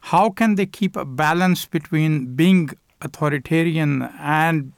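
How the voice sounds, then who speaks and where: A man hosting a radio interview, asking questions in a measured way with some hesitations. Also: on the high side, smooth, dry recording. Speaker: radio show host.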